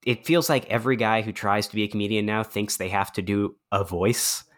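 A man co-hosting a podcast in casual comedic chat, sarcastic and quick to slip into mock voices. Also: fairly low pitch, fairly bright tone. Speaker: podcast co-host.

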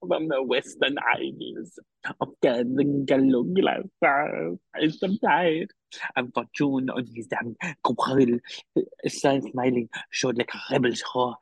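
A man's voice: mid-range voice, gravelly, breathy edge, no room sound, heavily acted, poor audio. A man doing a sad drunk club girl in a wobbly Welsh accent. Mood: mock tragic. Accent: attempted Welsh accent, drifting. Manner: halting, laughing through lines, breaking off to comment. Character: sad drunk young woman in a club reciting Shakespeare.

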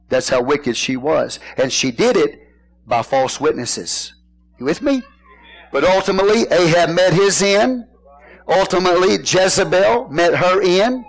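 A man's voice: on the high side, poor audio. A man preaching a sermon in church, folksy and joking, often asking the congregation questions. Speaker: pastor.

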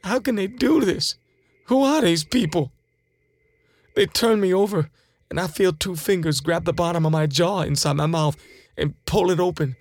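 A man's voice: sits high, normal speed, no echo. An actor playing a terrified man recounting an alien examination, in a shaken, pleading first-person retelling. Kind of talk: dramatized first-person account.

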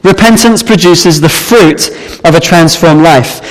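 High-voiced man preaching in a hall. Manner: earnest, measured Bible exposition with some restarts. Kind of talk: sermon. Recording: reverberant hall.

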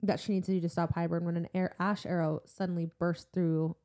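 A young woman trades commentary on a casual book podcast, summarizing plot points in an easygoing way. Her reactions are playful and giggly, full of quick joking asides. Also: lowish voice, little pitch movement, mellow. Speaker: podcast co-host.

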